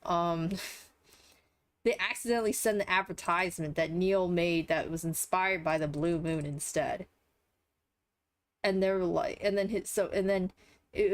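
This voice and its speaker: A tired young woman with a congested, nasal voice, rambling casually through a recap with lots of fillers and swearing. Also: on the low side.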